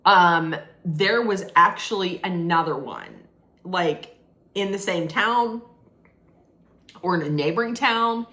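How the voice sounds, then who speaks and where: A woman's voice: lowish voice, lively intonation, slow, bright, forceful tone. A woman casually recapping a film's plot as a reviewer, rambling with restarts and lots of "like". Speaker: movie reviewer. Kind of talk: casual spoiler recap of a film.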